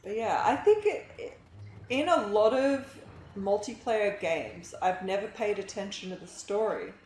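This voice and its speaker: Young woman game streamer, giggly casual chatter, slow delivery, echoey room. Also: medium pitch, very animated, a little mellow, a little hiss or hum. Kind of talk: casual live-stream chat while gaming. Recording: roomy, echoey room sound.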